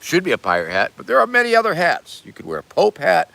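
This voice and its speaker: An older man hosting a casual livestream, reading viewer messages with deadpan absurd jokes and bursts of loud begging for donations. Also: fairly high pitch, quick pace, gravelly, dry recording. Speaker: livestream host reading super chats.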